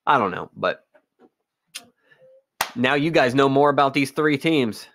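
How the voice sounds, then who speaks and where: A man's voice: medium pitch, animated, a little slow, a bit bright, slight background noise. A man co-hosting a casual sports chat, blunt and profane, often laughing. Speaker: co-host.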